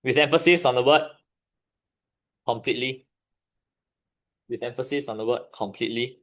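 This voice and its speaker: A man's voice: medium pitch, a bit bright. A man with a Singaporean English accent, teaching a chemistry revision class and questioning his students as he goes. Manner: questions the class, pausing for answers. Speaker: chemistry tutor.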